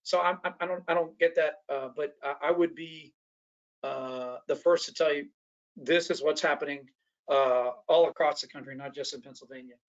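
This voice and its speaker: A man's voice: fairly high pitch, steady tone, moderate pace, lo-fi sound. A man presenting a training workshop in a lecture style. He talks animatedly, often restarts his sentences and acts out the voices of the people he quotes.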